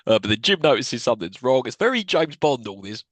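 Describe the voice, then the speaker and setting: A man's voice: mid-range voice, sing-song, quick pace, fairly bright tone, no echo. A man co-hosting a podcast, recapping a film's plot with sarcastic asides, swearing and frequent laughter. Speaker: podcast co-host. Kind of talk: casual film-recap chat.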